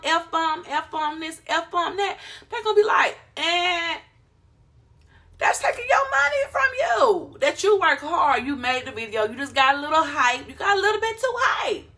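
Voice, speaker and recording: Woman vlogger, high bright voice, playful, animated. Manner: animated, playful, acts out quick voices of others. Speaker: YouTuber giving channel advice. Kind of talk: casual advice vlog. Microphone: phone camera.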